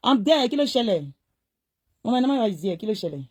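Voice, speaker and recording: A woman's voice: fairly high pitch, very animated, fast, a little mellow, husky. A woman giving gossip commentary, pointed and questioning, switching between Yoruba and English.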